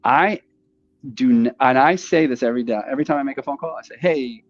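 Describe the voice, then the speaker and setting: A man in casual podcast conversation, talking in a rambling, animated way and acting out phone calls. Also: medium pitch, fast, dry recording, muffled recording. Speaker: podcast host.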